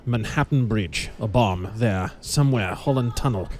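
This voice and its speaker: A wounded masked vigilante gasps out urgent, halting warnings in a weak, low voice, as a male narrator puts him on. The pulp audiobook reading keeps him hushed and faltering. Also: slight background noise, lightly acted.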